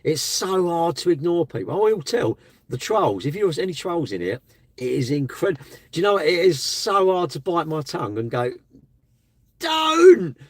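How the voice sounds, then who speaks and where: A man's voice: a little high, sing-song, brisk, dry recording. A man hosting a live stream, chatting bluntly and casually with his viewers. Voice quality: blunt, chatty, slangy delivery.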